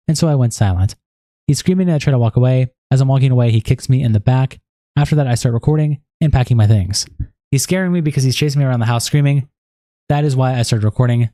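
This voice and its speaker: A man with a mellow, relaxed voice reads out statements and messages in a plain, steady way. The recording is dry and close, with no room sound. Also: mid-range voice, fast talker, dry recording. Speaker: online commentator. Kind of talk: reading messages and statements aloud.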